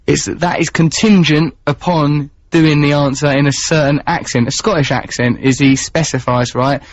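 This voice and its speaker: A man's voice: a little high, steady tone, normal speed, no echo. Wordy Essex man hosting radio. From England, Essex. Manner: florid, wordy, teasing. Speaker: radio host. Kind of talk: playful radio chat. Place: radio studio. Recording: dull, dry radio studio sound.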